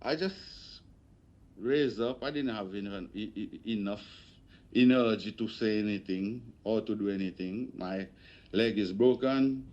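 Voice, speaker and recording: Halting man giving slow testimony. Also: fairly low pitch, darkish tone, muffled recording. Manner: halting, repetitive, hesitant. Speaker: witness at an inquiry. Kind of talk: spoken testimony.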